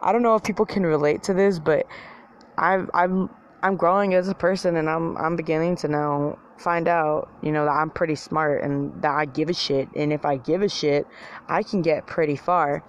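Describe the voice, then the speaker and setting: A woman's voice: deep voice, fairly even intonation, normal speed, lo-fi sound, a little hiss or hum. A woman ranting casually to her viewers, rambling, swearing often and mocking herself. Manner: rambling, profane, self-mocking, filler-heavy. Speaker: vlogger. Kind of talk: casual rant to camera.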